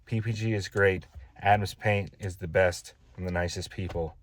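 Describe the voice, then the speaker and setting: A man's voice: sits low, steady tone, moderate pace. A man building his own house, telling a casual, exasperated story in a vlog and repeating his gripes.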